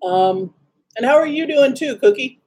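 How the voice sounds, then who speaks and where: Woman from Wisconsin, chatty livestream host, breathy husky tone, snarky asides. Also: sits high, expressive, a little slow, a little mellow. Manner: chatty, greets viewers by name, snarky asides. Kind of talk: casual livestream chat.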